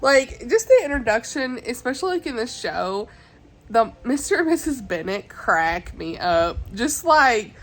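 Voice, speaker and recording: A woman's voice: on the high side, sing-song, unhurried, fairly bright tone, poor audio. A woman chatting casually as a book vlogger, giggly and talkative. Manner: chatty, giggly, often says y'all. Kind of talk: casual chat.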